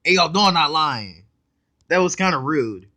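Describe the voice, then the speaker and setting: A man hosting a casual reaction video, excitable and blunt, talking in slang straight to his viewers and cutting in often to comment. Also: a little high, normal speed. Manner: excitable, blunt and profane, keeps interrupting with "hold up".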